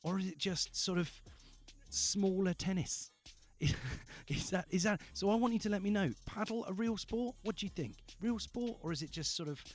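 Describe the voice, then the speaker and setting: A man's voice: sits high, moderate pace, soft background music. A man hosting a live evening radio call-in show, upbeat and playful, repeating phrases for emphasis, speaking into a studio microphone. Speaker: radio host.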